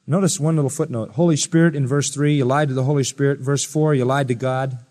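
A preacher delivering a sermon, firing rhetorical questions at listeners, swinging from loud high exclamations to quiet low asides. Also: male voice, steady tone, fast, big-room sound. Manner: emphatic, rising to loud high-pitched exclamations then dropping quiet.

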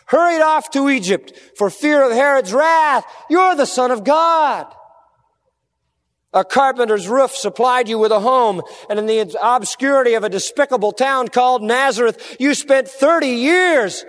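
A man voicing a taunting male Satan who goads and pushes, sometimes rising to shouts. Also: extremely high pitch, moderate pace, few pauses, big-room sound. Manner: goading, insistent, rising to shouts.

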